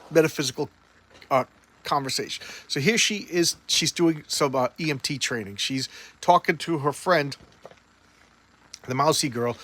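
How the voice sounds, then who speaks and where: A man's voice: mid-range voice, fairly bright tone. Rambling man recapping a comic. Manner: rambling, loose, lots of fillers and restarts. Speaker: comic book reviewer.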